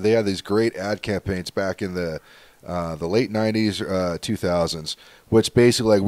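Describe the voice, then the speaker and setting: A man hosting a podcast, chatting casually in a rambling, animated way, cursing and laughing as he tells stories. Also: on the low side, dry recording. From Southern California. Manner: rambling, animated storytelling, swears, laughs often. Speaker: podcast host. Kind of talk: casual chat.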